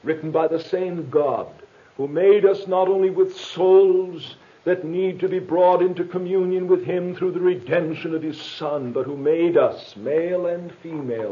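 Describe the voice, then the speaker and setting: A middle-aged man preaches in an earnest manner, his voice sitting fairly high for a man. He rises to emphatic bursts as he presses his points. The recording is muffled and lo-fi. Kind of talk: sermon.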